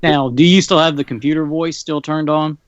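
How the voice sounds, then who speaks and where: Male podcast guest, a bit high, laid-back and frank, muffled lo-fi remote audio. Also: fairly even intonation, fairly quick, dry recording. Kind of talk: casual gaming podcast chat.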